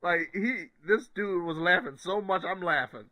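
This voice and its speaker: A man's voice: high-pitched, expressive, moderate pace, bright, forceful tone. A man co-hosting a podcast, chatting casually about films and laughing often. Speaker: podcast co-host. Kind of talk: casual film review chat.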